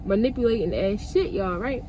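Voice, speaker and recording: A young woman vlogger telling a story in a lively, emphatic, profane way. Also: medium pitch, normal speed, slight background noise. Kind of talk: storytime vlog.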